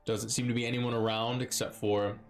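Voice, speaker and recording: A man's voice: mid-range voice, level tone, fairly quick, faint music behind. A man narrating as dungeon master of a live-streamed tabletop game, playful and rambling, often breaking into laughter.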